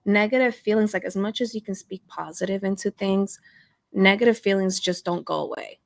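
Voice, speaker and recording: A woman speaks earnestly in a casual podcast chat, slangy and loose with fillers. Her middle-pitched voice carries a gravelly fry, and the recording is dry and close. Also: brisk, dry recording. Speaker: podcast co-host.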